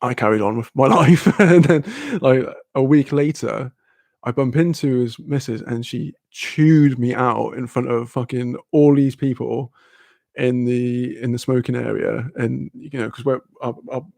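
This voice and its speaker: A man's voice: medium pitch, fairly even intonation, a little slow, gravelly, a little mellow, no room sound, clean studio sound. A young man on a live stream, telling a story in loose, rambling casual chat, heavy with swearing and fillers.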